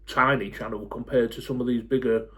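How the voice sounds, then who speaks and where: A man in his forties, talking to camera in a blunt, fed-up rant, swearing freely and pausing on lots of ums. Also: medium pitch, fairly even intonation. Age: 40s. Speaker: football fan YouTuber.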